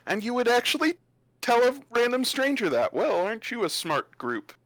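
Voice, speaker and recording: A man's voice: very high-pitched, big pitch swings, normal speed, fairly bright tone, no echo, voice pushed up, heavily acted. A man voicing a smug, well-off male bard who teases the travellers in a tabletop game. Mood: mock-polite. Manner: smug, teasing, mock-polite.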